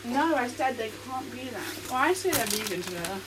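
A woman's voice: on the high side, lively intonation, fairly quick. A young woman telling a long made-up love story in casual chat, rambling with lots of fillers, recorded while cooking in a kitchen. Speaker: podcast co-host. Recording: kitchen noise, frying sizzle.

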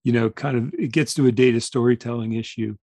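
A man's voice: medium pitch, fairly even intonation, quick pace, dark tone, dry recording. Casting note: male panel host, considered and explanatory, dry close sound. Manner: thoughtful, builds points through examples. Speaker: podcast host leading an expert panel. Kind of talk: conversational panel discussion.

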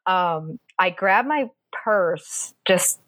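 A woman casually telling a personal story, animated and acting out the voices of the people in it. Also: extremely slow, no echo. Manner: animated, acts out quoted voices with pitch jumps.

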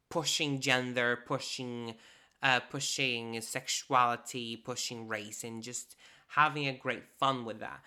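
A woman talking casually and playfully about an artist's work, with sassy, animated asides. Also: very deep voice.

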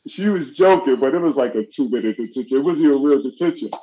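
A middle-aged man telling a story in casual chat, animated and acting out the voices of the people in it. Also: medium pitch, fast, crowd noise. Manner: animated, acts out quoted voices. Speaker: guest. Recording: dull lo-fi audio.

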